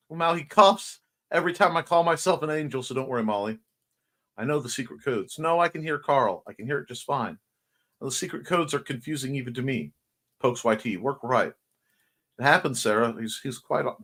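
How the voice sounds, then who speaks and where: A man's voice: medium pitch, fairly bright tone. A man hosting a casual livestream morning show, chatting playfully as he reads out and answers viewer comments. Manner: chatty and playful, jumping between topics.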